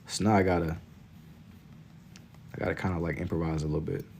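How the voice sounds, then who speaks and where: A man's voice: deep voice, level tone, brisk, creaky, darkish tone, slight background noise. A young man from Kentucky chatting casually on a livestream while he draws, laid-back and slangy as he reads chat aloud. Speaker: livestreaming artist.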